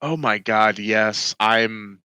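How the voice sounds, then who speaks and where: A man's voice: lowish voice, slow, sharp tone, clean tone, no echo. A man co-hosting a podcast in casual, joking chat who swears freely. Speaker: podcast co-host.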